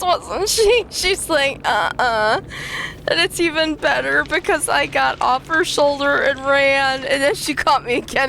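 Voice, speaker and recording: A woman streaming a game live and commenting as she plays, excitable and laughing often as she talks to her chat. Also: sits high, a little hiss or hum. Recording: game music playing clearly behind.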